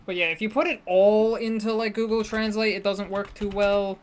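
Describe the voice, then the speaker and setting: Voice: medium pitch, fairly even intonation, normal speed. A streamer chatting casually and rambling while playing a game, self-deprecating and often restarting sentences. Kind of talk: casual live-stream chat while gaming.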